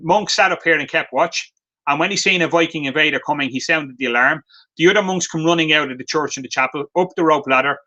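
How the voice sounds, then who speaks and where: A man's voice: fairly high pitch, sharp tone, dull audio. A man in his fifties with an Irish accent, a craftsman talking in a casual live-stream chat, rambling and chatty and laughing often. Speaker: craftsman selling his work.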